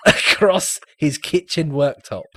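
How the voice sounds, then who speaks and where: A man's voice: fairly high pitch, lively intonation, slow pace, pushed and bright, dry recording, studio quality. A man co-hosting a podcast, recounting a film scene in casual chat and laughing often. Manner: laughs a lot while recounting. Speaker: podcast co-host.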